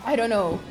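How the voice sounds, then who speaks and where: Animated woman streamer. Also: on the high side. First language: Portuguese. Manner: animated, swears freely, acts out sounds and screams. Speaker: live streamer. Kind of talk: casual storytelling to chat.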